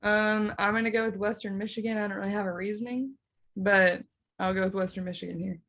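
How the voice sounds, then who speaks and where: A woman's voice: medium pitch, fairly even intonation, quick pace, a bit bright. A young woman giving brief, hesitant picks in a casual chat. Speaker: guest picker.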